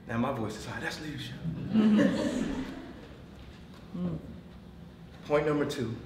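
A man giving a motivational talk to a room of managers, swinging from shouts to near-whispers, laughing often and calling on the audience. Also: on the high side, big pitch swings, very slow, roomy sound, recorded from a distance, background noise. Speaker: motivational speaker. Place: meeting room.

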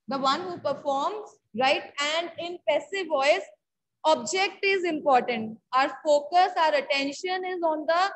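A woman's voice: very high-pitched, low-quality recording. A woman with an Indian English accent teaching an online English grammar class, repeating key words and checking often that students follow.

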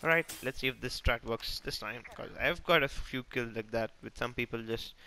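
Excitable man narrating a shooter game. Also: medium pitch, moderate pace. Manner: excitable, self-mocking, talks to teammates and enemies. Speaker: gaming channel host. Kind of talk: live gameplay commentary.

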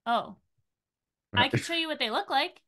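A woman's voice: sits high, animated, normal speed, sharp tone. A woman speaking in character in a tabletop game, friendly and chatty. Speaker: player.

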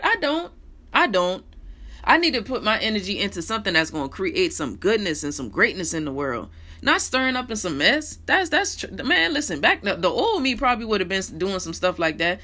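An animated woman speaks straight to camera in a candid monologue. Her voice is bright and forward, jumping from loud, pointed outbursts to low, hushed asides. She talks in slangy, blunt bursts. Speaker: vlogger.

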